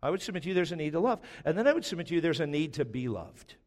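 A middle-aged man preaching a sermon as a pastor, rising to loud emphatic peaks and dropping to quiet storytelling. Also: big pitch swings, rapid-fire. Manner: impassioned preaching, swells loud and high then drops to storytelling. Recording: long reverb of a large hall.

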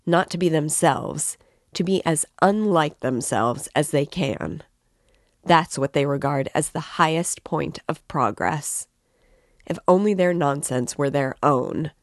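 A woman reading the part of an excitable, tipsy young man who rambles and declaims with passion. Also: low-pitched, slow pace, no room sound, studio quality. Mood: rambling. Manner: impassioned, rambling, emphatic.

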